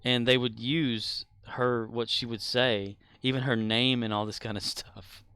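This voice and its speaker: A man's voice: medium pitch, level tone, unhurried, pushed and bright, clear, resonant tone, no room sound. A man streaming a game, chatting casually and rambling on, laughing often as he talks. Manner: rambling, talkative; laughs often while talking. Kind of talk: casual chat while gaming.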